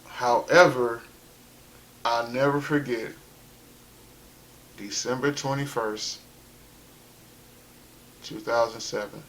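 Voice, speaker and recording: A man's voice: mid-range voice, steady tone, takes it slowly, long pauses, fairly bright tone. A man from South Carolina, telling his life story in a loose, conversational way with lots of "you know" and "like". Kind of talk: casual spoken storytelling.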